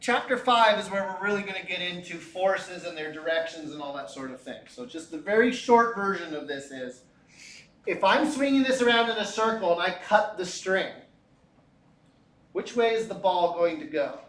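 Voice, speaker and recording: Middle-aged male teacher, high voice, lively classroom lecture, echoey room. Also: normal speed. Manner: animated, chatty, asks rhetorical questions.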